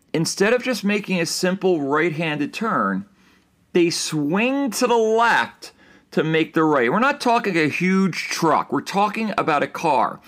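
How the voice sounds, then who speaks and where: A middle-aged man talks through his everyday gripes on a solo podcast. His voice sits a little high for a man, and he rants in an exasperated, animated way. He jumps into sudden mock yelling and then drops back to a plain telling tone. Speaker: podcast host. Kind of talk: casual solo podcast talk.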